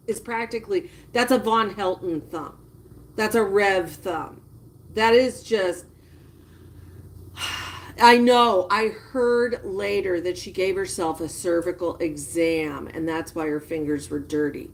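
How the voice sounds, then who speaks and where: A woman giving casual live-stream commentary, chatting with viewers and reacting with drawn-out disgust. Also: medium pitch. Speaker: livestreamer.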